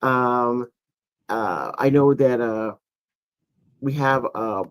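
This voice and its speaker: Man hosting a relaxed dry-miked chat. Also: medium pitch, very slow, no room sound. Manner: relaxed, rambling with many fillers. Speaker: podcast host. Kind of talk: casual panel chat.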